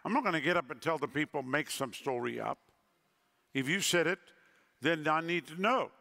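A high, bright male voice with a gravelly edge, belonging to a middle-aged evangelist preaching. He tells his story like a performer, jumping up in pitch whenever he acts out a line of dialogue. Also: animated, normal speed. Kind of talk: sermon storytelling.

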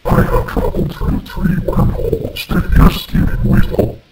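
A man voicing a menacing alien caller who gives cold, threatening commands in a deep, gravelly voice. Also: moderate pace, reverberant, far from the mic, very noisy, natural voice.

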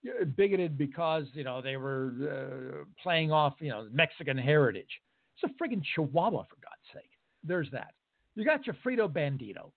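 At normal speed and with some vocal fry, a high-pitched American radio host works through an animated opinion monologue. He sounds emphatic and sarcastic from his radio studio, with the audio narrowed like a phone call.

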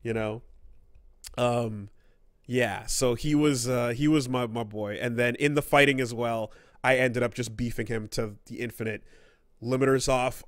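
A man's voice: mid-range voice, steady tone, moderate pace, dry recording, studio quality. A man co-hosting a casual gaming podcast, rambling and swearing as he acts out quoted characters. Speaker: podcast co-host.

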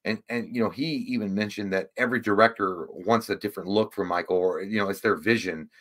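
A man's voice: fairly low pitch, steady tone, fairly quick, fairly bright tone. A man hosting a casual livestream, rambling and swearing, easily frustrated. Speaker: livestream host.

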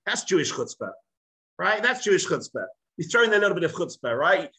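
Male rabbi, lecture to a group, high voice, bright tone, lively storyteller, acts out the dialogue. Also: fairly quick, breathy edge, poor audio. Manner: addresses listeners directly, asks the room questions.

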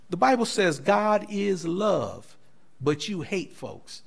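A man, a pastor, teaching a Bible class in a lively preaching style, telling stories and acting out quoted voices. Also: high-pitched, slow pace, creaky, husky. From United States. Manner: animated preaching with storytelling, laughing asides; acts out quoted voices in dialogue.

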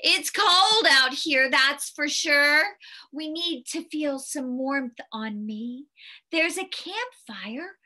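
A woman's voice: sits high, expressive, slow, fairly bright tone, full character voice. Sneezy, a cheery snowman as a woman voices him. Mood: cheerful. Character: cheerful male snowman, friendly and easygoing.

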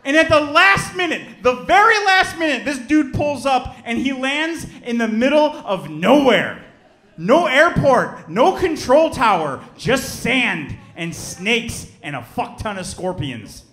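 A man in his thirties from Chicago doing a stand-up comedy set, telling a story with lively acted-out voices and shouted punchlines. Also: very high voice, measured pace, roomy sound. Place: theater stage before a live audience.

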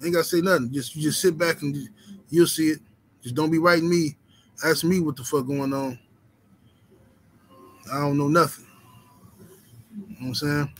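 Dude, chillin on a boxing stream, cussin, lots of "you know what im sayin". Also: male voice, fairly high pitch, steady tone, normal speed, long pauses, slight background noise, poor audio. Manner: laid-back, profane street talk with lots of "you know what I'm saying". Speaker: boxing channel host. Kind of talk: casual livestream chat reading the super chat.

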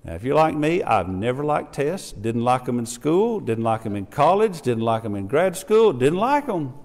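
A middle-aged man preaching a sermon in a church, lively and acting out the voices of the people he quotes. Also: mid-range voice, normal speed. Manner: animated, acts out quoted voices. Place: church sanctuary. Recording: reverberant church hall.

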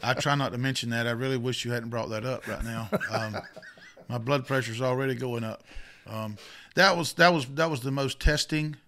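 Middle-aged guy, youth coach, bright voice, keeps restarting his sentences while telling a story. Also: medium pitch, normal speed, creaky. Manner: animated, self-interrupting with repeats. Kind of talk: casual storytelling.

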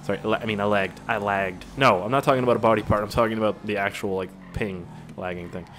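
A man's voice: on the low side, fairly even intonation, quick pace, fairly bright tone, a little hiss or hum. Rambling, profane young man gaming. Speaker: gaming channel host. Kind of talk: casual gameplay commentary.

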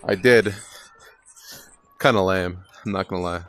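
A man's voice: deep voice, a little slow. A young man giving casual, rambling gameplay commentary, swearing casually and poking fun at himself. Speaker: gaming video creator.

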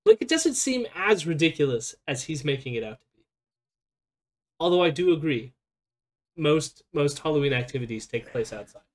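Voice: medium pitch, very animated, normal speed, pauses often, a little mellow. A stream host chatting casually and reacting, rambling with lots of fillers. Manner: rambling, chatty, laughs often.

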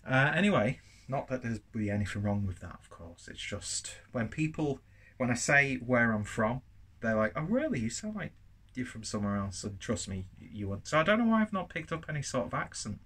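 A man's voice: mid-range voice, sing-song, normal speed, pushed and bright, husky. A man from northern England with a well-spoken southern English accent, reviewing a beer at home in a chatty, rambling, self-deprecating way. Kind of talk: casual review vlog. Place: home, while cooking.

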